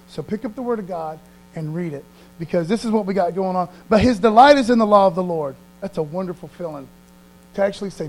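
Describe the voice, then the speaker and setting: A man preaching a conversational sermon, reading verses slowly aloud and often checking in with his listeners. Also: high-pitched, a little hiss or hum, poor audio. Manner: folksy, keeps checking in with the audience; slows down to read verses aloud.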